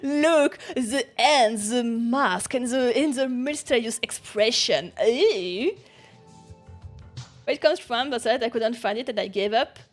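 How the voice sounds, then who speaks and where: Giggly high-voiced woman streamer. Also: takes it slowly, faint music behind. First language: not English. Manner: giggly, chatty, frequent laughs and restarts. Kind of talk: casual chat.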